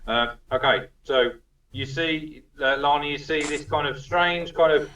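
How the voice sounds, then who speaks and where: A man's voice: a little high, measured pace, pushed and bright, slight background noise. A man narrating as dungeon master, chatty and casual, swearing freely. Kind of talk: narrating a tabletop game, casual. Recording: distant roomy lo-fi recording.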